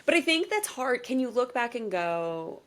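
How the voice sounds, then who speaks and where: A woman hosting a podcast interview, asking probing questions and backing her guest with steady affirmations. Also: a little high, moderate pace. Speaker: podcast host. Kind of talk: conversational interview.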